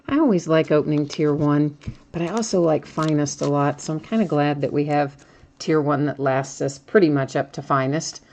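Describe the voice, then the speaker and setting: A woman's voice: sits low, normal speed, darkish tone, slight background noise. A woman hosting a card break, chatting casually as she names each card she pulls and laughs at her own slips.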